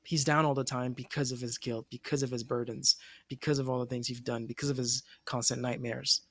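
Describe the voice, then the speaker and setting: A man's voice: medium pitch, little pitch movement, fairly quick, fairly bright tone, no room sound. Hesitant man musing on podcast. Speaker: anime discussion podcast co-host. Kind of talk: casual chat.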